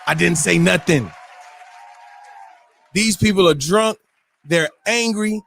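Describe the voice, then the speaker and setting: Guy hosting a morning show, high voice, whoops and does crowd voices, dry close mic. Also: takes it slowly, gravelly, fairly bright tone, no echo. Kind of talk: casual storytelling.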